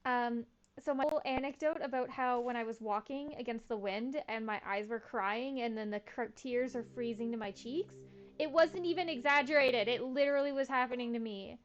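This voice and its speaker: A woman's voice: fairly high pitch, moderate pace, lo-fi sound. A young woman streaming a farming game, chatting in a laid-back, slangy, self-mocking way. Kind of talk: casual gameplay commentary.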